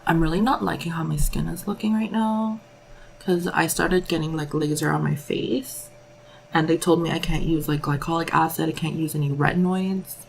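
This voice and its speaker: Young female beauty vlogger, casual and candid, with a low, gravelly voice. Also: steady tone, normal speed, slight background noise, rough recording. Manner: candid, rambling, peppered with 'like'. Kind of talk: casual makeup vlog chat.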